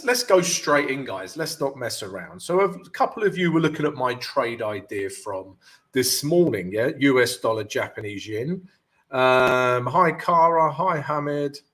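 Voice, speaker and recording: A man's voice: mid-range voice, a bit bright. A man hosting a casual trading livestream, upbeat and chatty, speaking a bit thickly after dental work. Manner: upbeat, chatty, addresses viewers as guys. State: numbed from dental work, speech slightly off. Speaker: forex trading livestream host. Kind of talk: casual live-stream chat.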